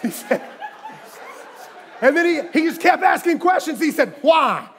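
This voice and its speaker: A middle-aged preacher with a high, bright voice works the room like a storyteller. He drops into hushed asides, then bursts out loud for the punchlines of his jokes. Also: animated, moderate pace, some chatter behind. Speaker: guest preacher. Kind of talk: sermon. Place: church sanctuary with live audience.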